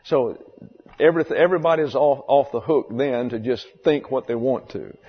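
A man's voice: mid-range voice, normal speed, breathy edge. A man preaches in an easy, conversational way, repeating his key phrases to drive them home. His voice carries a long reverb, as in a church sanctuary. The recording sounds dull and lo-fi. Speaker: pastor. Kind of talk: sermon.

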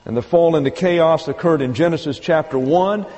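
A man's voice: on the high side, a little mellow. Methodical male Bible teacher, reverberant hall. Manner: methodical, step-by-step explaining, slow emphatic quoting. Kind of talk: evening Bible lesson.

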